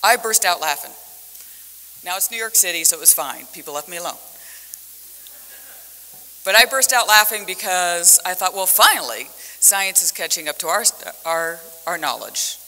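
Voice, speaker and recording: A woman scholar giving a conference talk as a panelist, telling stories in an animated way. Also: on the low side, moderate pace, long pauses. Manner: animated storytelling with vivid metaphors. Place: conference hall. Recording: echoey conference hall.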